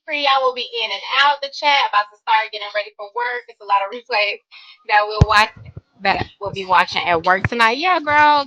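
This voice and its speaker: A woman hosting a casual live stream from her bedroom, greeting chat viewers by name in drawn-out hellos, sniffling now and then. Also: sits high, sharp tone, no echo, highs cut off. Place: home bedroom.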